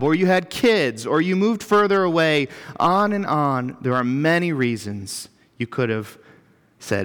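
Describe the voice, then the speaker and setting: A man's voice: fairly high pitch, fairly bright tone, clear, resonant tone. A man preaching a sermon as pastor in a church, reflective and earnest, building emphasis through lists. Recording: long reverb of a church hall.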